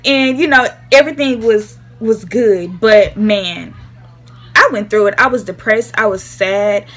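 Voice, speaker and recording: A woman's voice: mid-range voice, a little slow, fairly bright tone. A young woman telling a casual storytime vlog, acting out the voices of the people she quotes. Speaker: vlogger.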